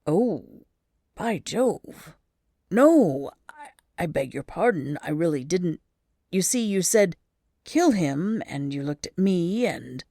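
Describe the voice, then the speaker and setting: A woman reading aloud and voicing an athletic young gentleman who talks in a stammering, chivalrous, old-fashioned manner, a little lower than her own voice. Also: big pitch swings, slow pace, no echo, clean studio sound, exaggerated voice. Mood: apologetic.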